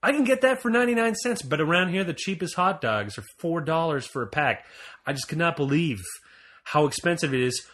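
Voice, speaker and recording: A man from Montreal co-hosting a casual podcast, telling stories with jokes and lively asides. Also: fairly high pitch, a little fast. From Montreal, Canada. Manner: joking, animated storytelling. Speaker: podcast co-host.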